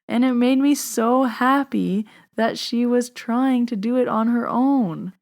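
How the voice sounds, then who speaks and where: A woman's voice: fairly high pitch, takes it slowly, hardly any pauses. Chatty woman podcast host telling a story. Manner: chatty, animated, lots of "like". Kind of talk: casual storytelling.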